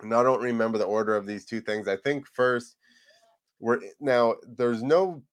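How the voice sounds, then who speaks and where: A man's voice: medium pitch, fairly even intonation, normal speed. A man guesting on a podcast, telling a rambling story in casual chat, acting out the people in it and swearing now and then. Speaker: podcast guest, freestyle motocross rider.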